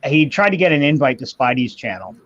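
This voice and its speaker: A man in his fifties hosting a livestream chat, telling a long profane story in a ranting, animated way. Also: medium pitch, a little fast. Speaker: livestream host. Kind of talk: casual chat. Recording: slightly muffled stream audio.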